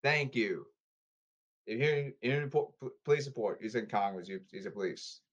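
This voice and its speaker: A man in a rambling monologue, repeating commands and calls, with loud bursts and sudden drops in volume. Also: mid-range voice, normal speed, dull audio. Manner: repetitive, issuing commands and calls.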